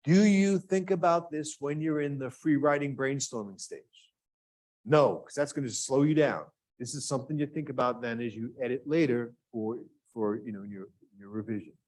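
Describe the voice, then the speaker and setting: A man runs a grant writing workshop for people in the room and online, drawing his listeners in by asking them questions in an engaging way. His voice is medium-pitched and a little mellow, moving at a normal speed, and the setting is a classroom.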